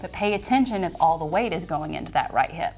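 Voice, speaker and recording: A woman's voice: deep voice, expressive, quick pace, a little mellow, soft background music. A woman leading a yoga class, chatting and joking playfully as she guides the poses. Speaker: yoga instructor.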